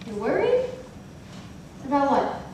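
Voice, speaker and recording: A young woman playing a playful, quick-witted court jester in a school stage musical, heard from far off in an echoey hall. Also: high-pitched, big pitch swings, background noise, full character voice. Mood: teasing. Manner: guessing and teasing, later singing.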